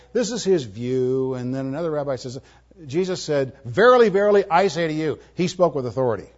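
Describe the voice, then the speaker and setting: A man preaching a sermon, moving between emphatic, forceful lines and soft, tender ones. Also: fairly high pitch. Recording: muffled, lo-fi audio.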